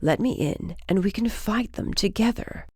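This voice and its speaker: A woman voicing a rough-spoken young man who keeps his voice low and angry while he tends someone hurt. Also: normal speed, a little mellow, dry recording, studio quality. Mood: coaxing.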